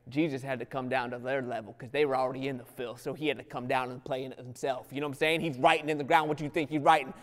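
A man preaching a sermon, swinging from hushed, quiet lines to loud, rising ones. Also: on the high side, big-room sound. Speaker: pastor.

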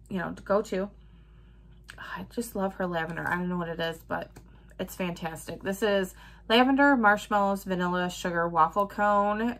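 A woman's voice: mid-range voice, fairly bright tone. A woman vlogger chatting casually about her weekly wax melts, listing scent notes and laughing often. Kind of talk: casual product chat.

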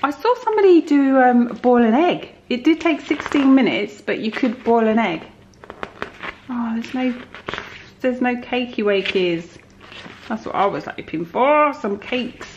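A woman's voice: a little high, animated, normal speed, a little mellow, highs cut off. A woman chatting casually in her home kitchen, filming a homely, rambling vlog. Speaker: vlogger. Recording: echoey kitchen, clear background noise.

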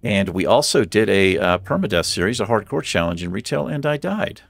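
A man's voice: on the low side, expressive, brisk, gravelly, no room sound. A man hosting a let's play, chatting casually and thinking aloud with a self-deprecating streak as he plays. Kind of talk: casual gameplay commentary.

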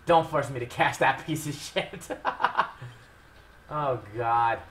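A young man commentating his own gameplay with heavy swearing, shifting from low mutters to loud outbursts. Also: takes it slowly. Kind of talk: Let's Play commentary.

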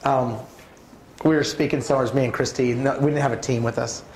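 A man giving a preaching talk at a church conference, telling personal stories in an animated way. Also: a little fast, slight background noise. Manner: animated, swings pitch widely while acting out stories. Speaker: conference speaker. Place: church auditorium. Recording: roomy church hall sound.

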